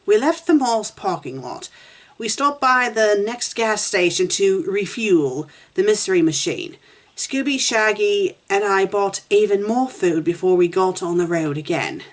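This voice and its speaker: A woman's voice: medium pitch, expressive, measured pace. Wry woman reading a fan story aloud. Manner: wry, giggly asides. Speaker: fan fiction critic.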